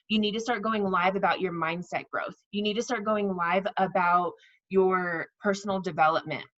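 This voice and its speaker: Casting note: woman leading a sales team, chatty coaching, middle pitch, slightly dull lo-fi sound. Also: fairly even intonation, normal speed, a bit bright. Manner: chatty, repeats herself, acts out sample messages. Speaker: network marketing team leader. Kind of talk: casual coaching talk to her team.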